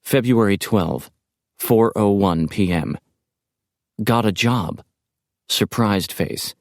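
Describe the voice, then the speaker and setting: A man narrating an audiobook in a measured, even delivery. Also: on the low side, no room sound, studio quality.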